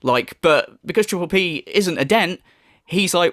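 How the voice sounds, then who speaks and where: A man's voice: high-pitched, expressive, measured pace, a bit bright, no echo, studio quality. A man delivering a profane, mocking commentary rant, often mimicking others in sneering voices. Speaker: commentary YouTuber. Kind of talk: ranting commentary.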